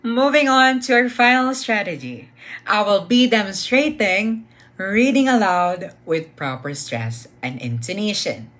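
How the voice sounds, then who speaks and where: A woman presenting the final strategy, reading with clear emphasis and pauses. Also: medium pitch, animated, a bit bright. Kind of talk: scripted lesson presentation.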